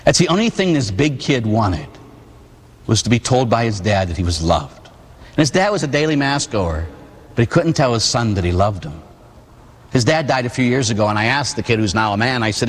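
A man in his forties from Pittsburgh, a priest preaching a sermon with animated storytelling and acted-out voices. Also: lowish voice, a little fast, slightly rough, in a large hall. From Pittsburgh, USA. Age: 40s. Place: church.

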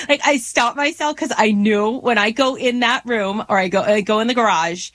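A woman's voice: on the high side, normal speed, a bit bright. A woman co-hosting a casual chat, speaking emphatically and encouragingly to listeners.

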